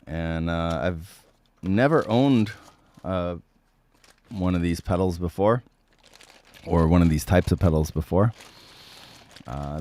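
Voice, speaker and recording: A man with a sick voice hosting a casual livestream, answering viewer comments with many ums and frequent throat clearing. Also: deep voice, takes it slowly, pauses often, darkish tone.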